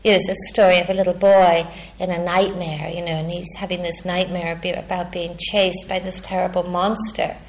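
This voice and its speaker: A woman meditation teacher giving a dharma talk in a measured, reflective way, pausing often and checking in with a questioning "hmm?". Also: fairly low pitch, little pitch movement.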